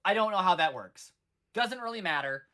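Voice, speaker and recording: A bright-toned podcast host in their thirties recaps a film with loose, rambling asides, sounding like friends chatting casually about an old favourite. They speak at normal speed with a medium-pitched, expressive voice, sarcastic and peppered with cursing.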